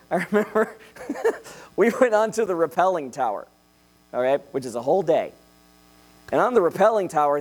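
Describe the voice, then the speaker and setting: A young man preaching a sermon in a jokey, animated way, checking in with "okay?" after each point. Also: fairly high pitch.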